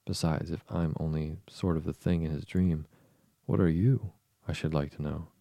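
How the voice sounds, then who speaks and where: A man's voice: very deep voice, level tone, moderate pace, vocal fry, warm tone, dry recording, studio quality. A man voicing a polite, earnest little girl in an audiobook, prim and easily indignant. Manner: prim, indignant, then timid. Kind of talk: audiobook character reading.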